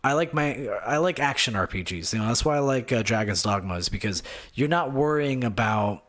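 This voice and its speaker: A young man hosting a casual solo gaming podcast, rambling and excitable, swinging between low muttering and loud outbursts. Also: brisk. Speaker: podcast host.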